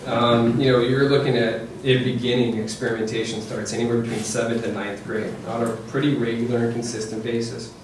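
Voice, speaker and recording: A man's voice: mid-range voice, a little fast, few pauses, recorded from a distance, slight background noise. Man giving a joking talk in an echoey room. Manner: lively, joking, checks in with okay and right. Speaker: presenter to parents. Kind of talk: conversational parenting talk. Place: presentation room with audience.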